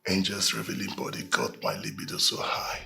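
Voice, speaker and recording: A guilt-ridden husband with a Nigerian accent confesses in a low, gravelly voice that swings widely in pitch. He talks in a hushed, remorseful tone over faint movie music. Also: big pitch swings, fairly quick, a little hiss or hum, heavily acted. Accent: Nigerian English.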